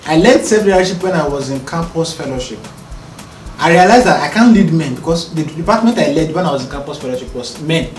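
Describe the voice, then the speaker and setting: A man, a podcast co-host talking calmly and earnestly, often checking whether he is understood. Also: on the high side, a little fast, slight background noise. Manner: calm, earnest, explaining with rhetorical checks. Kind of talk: casual conversation. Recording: roomy, distant mic, faint music.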